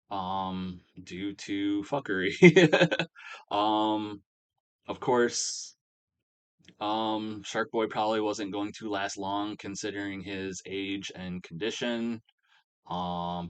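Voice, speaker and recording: A man casually recapping a wrestling simulation game, rambling with many fillers. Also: lowish voice. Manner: rambling, filler-heavy storytelling. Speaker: game commentator.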